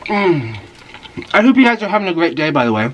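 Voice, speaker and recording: A man's voice: fairly high pitch, big pitch swings, brisk, a bit bright, a little hiss or hum, rough recording. A man hosting an eating video, chatting casually and rambling while he eats and murmurs with each bite. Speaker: mukbang host.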